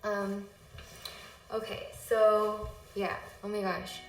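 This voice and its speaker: Slow and flat, at medium pitch, this woman streamer chats casually despite being sick and out of breath. She rambles, says sorry and gets sidetracked, recorded in an echoey room with faint background music.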